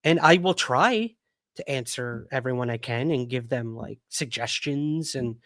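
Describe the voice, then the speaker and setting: A man's voice: medium pitch, unhurried, fairly bright tone, dry recording, clean studio sound. A man hosting a casual livestream, chatty and rambling with many fillers, hiccuping. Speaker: podcast host.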